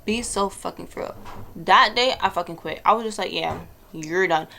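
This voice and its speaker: A woman's voice: medium pitch, fairly quick, vocal fry, sharp tone, a little hiss or hum. A young woman, telling a blunt, exasperated storytime in a casual vlog, swearing freely. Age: early 20s. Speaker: vlogger.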